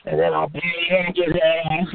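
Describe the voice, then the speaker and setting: A man's voice: a little high, flat delivery, moderate pace, creaky, a loud crowd. Taunting man on a tinny phone line. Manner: loud, taunting, repetitive insults. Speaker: host of a call-in show. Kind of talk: crude trash-talking call-in banter.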